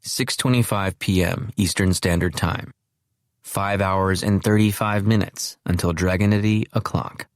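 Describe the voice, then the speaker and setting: A man with a very low voice narrates an audiobook in a measured, even way. The recording is dry and close, with no room sound at all. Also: no echo. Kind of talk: scripted narration.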